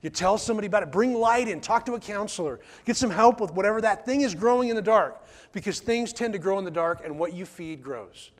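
A man's voice: sits high, animated, quick pace. A man preaching a sermon in church, emphatic, repeating key phrases and asking the congregation rhetorical questions. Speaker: pastor.

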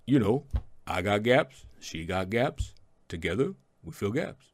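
A plain-spoken young boxer, as a preacher acts him out, talks in low, halting mumbles. The voice drops lower and sounds rougher than the speaker's own. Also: male voice, big pitch swings, exaggerated voice. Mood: shy, halting. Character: slow-talking young male boxer, shy and plain-spoken.

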